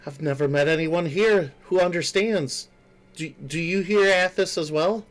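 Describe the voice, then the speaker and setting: A man's voice: fairly high pitch, unhurried, soft background music, voice pushed up, natural voice. A man voicing a humble, devout young woman who speaks in an earnest, hesitant way. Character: shaky, humble young woman devoted to the land.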